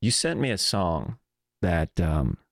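A man's voice: low-pitched, sing-song, slow, gravelly, no room sound, clean studio sound. A man hosting a casual chat, easygoing and prompting his guest with questions. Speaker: host.

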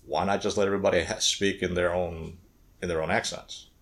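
A man's voice: low voice, steady tone, a little fast. A middle-aged man co-hosting a podcast in casual chat, often repeating words and restarting phrases while he thinks. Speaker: podcast co-host.

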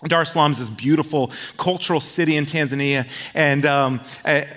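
A man preaching a sermon and telling a personal story, swinging from loud outbursts to hushed tones. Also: fairly high pitch, brisk. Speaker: pastor. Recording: long hall reverb.

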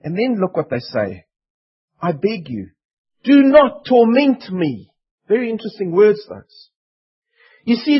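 High-voiced husky male preacher. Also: muffled recording. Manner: earnest, emphatic, voicing pleading demons. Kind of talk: sermon.

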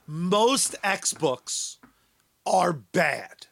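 A man's voice: high-pitched, expressive, drawn-out words, creaky, fairly bright tone. A man co-hosting a comics podcast, sardonic and profane, laughing often in casual chat. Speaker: podcast co-host.

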